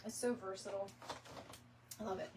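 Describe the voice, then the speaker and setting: Recorded on a somewhat distant mic with faint room ambience and a noisy background, this DIY decor video host talks fairly quickly in a mid-range voice with fairly even intonation. She's chatty and rambling in her casual craft tutorial, drops "y'all," and laughs easily.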